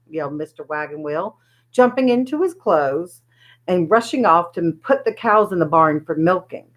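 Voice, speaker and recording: A woman reading a children's chapter book aloud, with lively, expressive storytelling. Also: on the low side, normal speed, rough recording. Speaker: storybook reader.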